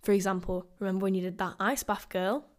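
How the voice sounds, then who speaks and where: A woman, hosting a casual solo podcast in a chatty, upbeat, motivational way. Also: medium pitch. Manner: upbeat, chatty, motivational, quick bursts of excitement. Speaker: podcast host.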